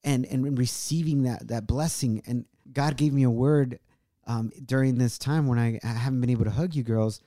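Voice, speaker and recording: Mellow-voiced man, earnest home-studio host. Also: mid-range voice, steady tone, normal speed, no room sound. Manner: earnest, emotional, mixes in Spanish phrases. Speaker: show host. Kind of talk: heartfelt casual chat.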